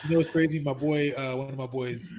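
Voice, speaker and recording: A man's voice: mid-range voice, quick pace, slight background noise. A middle-aged man hosting a casual podcast chat, telling stories animatedly and acting out other people's lines. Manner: animated storyteller, acts out quotes loudly. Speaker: podcast host. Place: Los Angeles.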